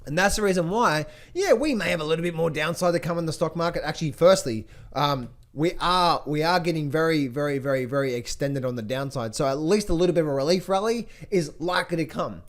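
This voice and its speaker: A man giving casual market commentary to his viewers, excitable and repetitive, often restarting his phrases. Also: fairly high pitch, fast, few pauses. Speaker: trading educator.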